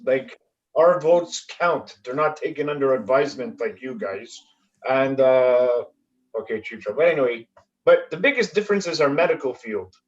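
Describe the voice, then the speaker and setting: Halting Canadian man doing stand-up. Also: on the high side, dull audio. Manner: halting delivery with many fillers. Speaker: stand-up comedian. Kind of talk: stand-up comedy set. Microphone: video call.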